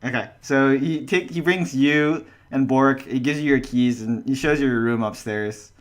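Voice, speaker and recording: A man acting as game master, narrating a tabletop game in a halting way with many restarts. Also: medium pitch. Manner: halting, full of restarts and fillers.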